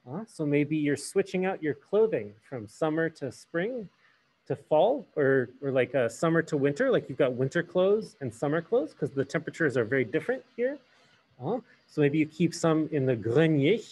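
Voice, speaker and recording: A man's voice: fairly high pitch, a little mellow. A man teaching a hybrid French class, switching between English and French and asking the students questions.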